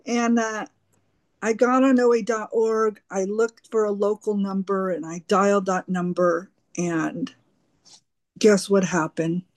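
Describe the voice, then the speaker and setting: A woman sharing her recovery story at a twelve-step meeting, halting and earnest, often repeating her words. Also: mid-range voice, a little mellow, no room sound. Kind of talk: personal recovery share.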